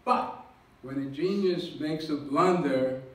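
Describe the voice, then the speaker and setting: A man with a slightly high voice lectures slowly to the public, working through his slides one step at a time and poking fun at himself. The sound is distant and echoey, as if caught from the back of a hall.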